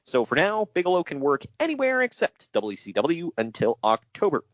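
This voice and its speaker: Casual male podcast co-host, lively and sarcastic, mid-range pitch, dry lo-fi sound. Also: normal speed, dry recording. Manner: animated, sarcastic, laughs often. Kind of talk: casual wrestling news chat.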